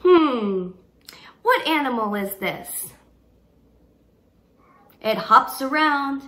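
A young woman speaks to toddlers in a high, lively voice that swoops up and down. She talks very slowly and brightly, in a sing-song, encouraging teacher's manner with gasps of delight. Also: slight background noise. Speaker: children's teacher. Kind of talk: toddler learning video.

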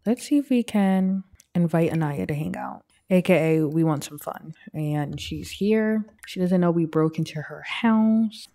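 A young woman casually narrating her life-simulation game, chatting and putting quick voices on the characters. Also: fairly low pitch, dark tone. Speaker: let's play gamer. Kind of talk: casual gameplay commentary.

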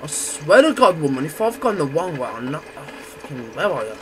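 A man giving loud, crude, excitable gameplay commentary. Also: a little high, fairly quick. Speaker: gamer.

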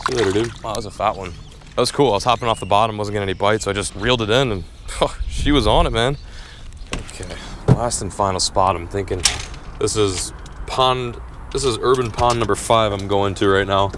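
A young man vlogging a fishing trip in casual chat, who gets loud and excited when fish bite. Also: lowish voice, a little fast, noisy background. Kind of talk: casual vlog narration. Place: outdoors at city ponds, later in a car.

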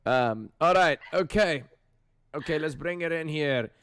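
A man's voice: fairly high pitch, expressive, a little slow, a bit bright, clean tone. Flustered, apologetic male stream host. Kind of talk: casual livestream chat.

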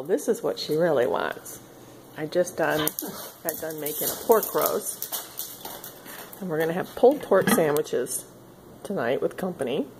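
A woman's voice: lowish voice, noisy background. A woman filming a casual home vlog, coaxing her dogs in baby-talk and chatting between commands, recorded on a phone in her kitchen. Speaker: vlogger. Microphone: phone camera.

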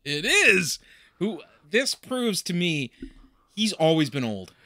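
Bright-voiced man cracking jokes. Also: sits high, very animated, slow pace. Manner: jokey, laughs often, fillers and restarts. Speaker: podcast co-host. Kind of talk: casual chat.

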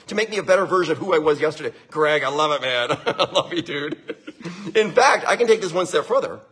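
A man's voice: fairly high pitch, a bit bright, husky. A man who owns a winery giving an enthusiastic, repetitive motivational talk, laughing often.

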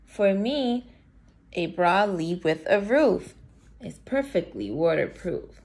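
A woman's voice: lowish voice, expressive, takes it slowly, darkish tone. A woman reading a storybook tree toad. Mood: content. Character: croaking tree toad in his bark home. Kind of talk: storybook read-aloud for children.

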